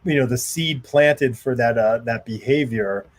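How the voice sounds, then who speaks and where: A man hosting a podcast, asking casual questions in a halting way with many restarts. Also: mid-range voice. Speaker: podcast host.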